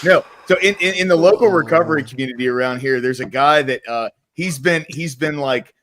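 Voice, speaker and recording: A blunt, profane man telling stories in a group voice chat. His voice is slightly raised in pitch and sounds dry and close to the mic. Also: a little fast, fairly bright tone, no echo.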